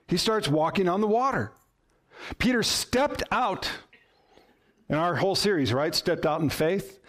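A man delivers a sermon from the pulpit, his voice sitting a little higher than most men's. He speaks very slowly and deliberately. On key words he sinks to a low, quiet tone. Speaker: pastor.

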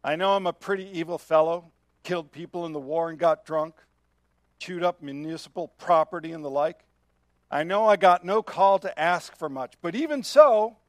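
A man voicing a bitter, self-pitying rough-living man who grumbles a resentful prayer. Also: high voice, dry recording, close to an everyday voice. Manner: grumbling, colloquial, complaining prayer.

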